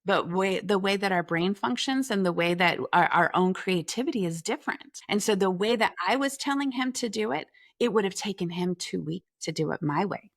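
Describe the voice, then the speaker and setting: A woman guest on an interview show, telling a personal story in a lively way and acting out the dialogue. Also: medium pitch, moderate pace, creaky, hardly any pauses, dry recording, studio quality. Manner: talks through restarts and filler phrases. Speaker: podcast guest, leadership coach.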